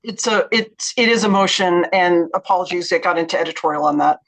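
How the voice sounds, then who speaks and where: A woman's voice: on the low side, fairly quick. A woman board member in a virtual meeting, speaking on procedure with light humor.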